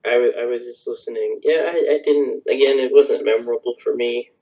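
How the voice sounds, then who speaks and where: A man as a podcast guest, speaking casually and haltingly, often trailing off and restarting. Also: mid-range voice, steady tone, highs cut off. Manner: hesitant, halting, mumbly. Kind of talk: casual chat.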